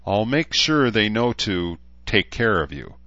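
A man voicing an earnest young woman who speaks gently and reassuringly, a little flustered, on a dull lo-fi recording. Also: lowish voice, sing-song, measured pace, dry recording, full character voice.

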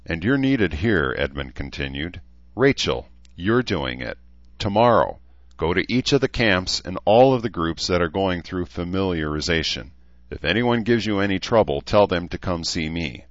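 A man with a deep voice playing a dry-humored, fatherly male camp leader in an audiobook, on a dry, slightly dull recording. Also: expressive, normal speed, dry recording. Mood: commanding. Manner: dry, joking.

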